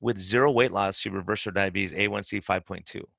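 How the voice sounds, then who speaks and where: A man hosting a podcast as a weight-loss coach, telling client stories in a casual, animated way and acting out their words. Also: low voice, brisk, gravelly, dry recording.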